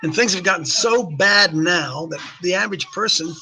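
A man hosting an opinionated talk show, speaking in a slightly raised register with a bright, forceful edge. He hammers his points by repeating them and throws rhetorical questions at his audience. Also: high-pitched, moderate pace, poor audio. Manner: emphatic, repeats phrases, fires rhetorical questions. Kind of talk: opinionated talk radio commentary.

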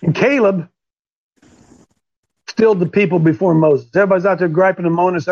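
A man leading a group Bible discussion, animated, who slips into strained cries when he acts out characters. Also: high voice, fairly quick, long pauses, muffled recording. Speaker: Bible study leader, called coach.

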